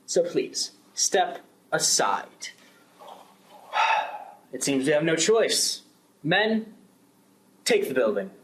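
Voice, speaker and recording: Casting: young male student, amateur drama, voices multiple parts, slightly high voice. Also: big pitch swings, takes it slowly, long pauses, slight background noise, rough recording. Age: young adult. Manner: plays several parts, shifting pitch between characters. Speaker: student performing a class drama. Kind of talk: amateur radio-play acting.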